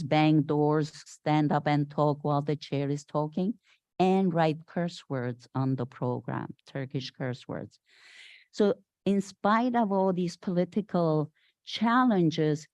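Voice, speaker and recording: An older woman from Syria speaks as a guest at a Sunday service, her low voice unhurried. She tells her story with animation and acts out the people she quotes. The sound is close and dry. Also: mellow, no room sound. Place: spiritual center meeting hall.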